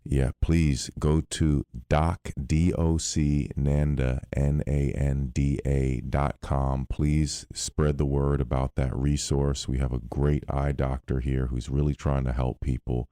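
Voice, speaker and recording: A man's voice: rumbling low, flat delivery, takes it slowly, few pauses, warm tone, smooth, no room sound, studio quality. A male podcast host who speaks in a laid-back, appreciative way. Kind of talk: casual interview hosting.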